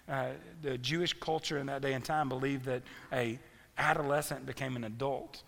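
Male pastor, animated sermon delivery, gravelly and bright tone, echoing hall. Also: a little high. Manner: animated storytelling preacher. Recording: long reverb of a large hall.

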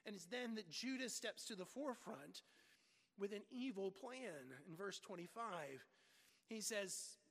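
A man preaching with dramatic emphasis, often repeating words as he presses a point home. His voice sits high for a man. A long reverb hangs after each phrase, as in a large hall. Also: lively intonation, measured pace, a bit bright. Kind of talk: sermon.

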